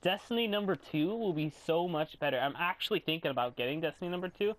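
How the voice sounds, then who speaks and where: A young man giving casual commentary while playing a video game, swearing and yelling in frustration. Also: fairly high pitch, animated, fast. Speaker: gamer commentator.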